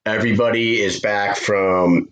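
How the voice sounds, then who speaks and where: A man with a somewhat low voice tells a long story in a loose podcast chat. He swears freely and gets animated as he talks. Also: unhurried, low-quality recording. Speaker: podcast co-host. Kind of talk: casual chat.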